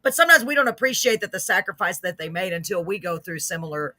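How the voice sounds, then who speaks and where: A woman hosting a casual talk show, affirming her guests and quick to agree. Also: on the low side, lively intonation, pushed and bright, dry recording, studio quality. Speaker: host. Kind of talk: casual chat.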